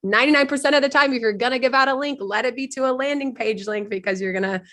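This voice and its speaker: A young adult woman with a husky voice from a cold, chatting casually as a podcast guest about her work, talking quickly with many fillers and restarts over a video call. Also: high voice, a bit bright. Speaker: podcast guest, partnerships lead. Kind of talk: casual business chat.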